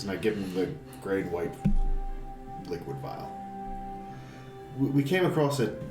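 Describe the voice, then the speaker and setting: A man's voice: low-pitched, big pitch swings, a little slow, long pauses. A man playing a tabletop game in character, talking politely and hesitantly with many restarts. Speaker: player. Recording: roomy sound from a distant mic, music behind.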